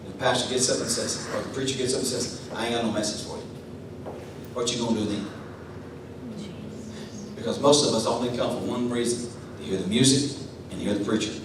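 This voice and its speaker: A man preaching a sermon as pastor, telling a story in a low voice and then building to loud, chanting, sing-song preaching. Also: fairly even intonation, brisk, pauses often, distant mic, noisy background. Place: church sanctuary. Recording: echoey church from afar with music.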